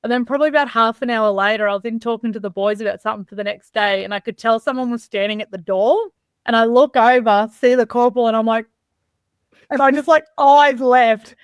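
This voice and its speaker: Aussie woman telling army stories on a video call, smooth clear voice, kinda high, dry sound. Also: fast, no echo. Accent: Australian. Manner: lively anecdotes, laughs often, swears casually. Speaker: army reservist guest. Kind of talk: casual storytelling interview.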